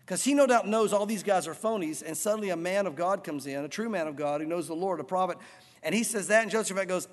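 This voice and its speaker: Brief: an emphatic male pastor with a high voice, preaching a sermon in a hall with a long echo. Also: fast. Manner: animated, emphatic, enthusiastic.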